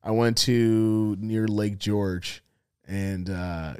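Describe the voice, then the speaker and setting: A man's voice: lowish voice, drawn-out words, smooth, no echo, studio quality. A man from New York co-hosting a podcast, telling rambling, profane stories in casual chat. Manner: profane, rambling, animated storytelling. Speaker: podcast co-host.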